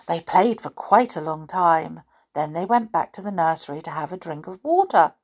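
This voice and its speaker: Woman reading a children's story, animated. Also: fairly low pitch, husky. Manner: expressive, slow, animated.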